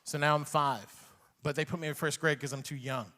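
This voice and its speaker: A man's voice: a little high, fairly even intonation, a little fast, bright, forceful tone, in a large hall. A man in his forties, from Iran, a comedian telling a rambling personal story with chuckles and acted-out quotes. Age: 40s.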